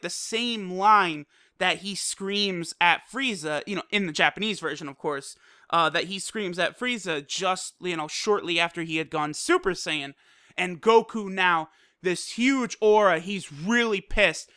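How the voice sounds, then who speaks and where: A video reviewer excitedly recapping an anime episode, swearing freely and filling with "like" and "you know". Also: mid-range voice, a little slow, clear, resonant tone, dry recording, studio quality. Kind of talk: casual recap and commentary.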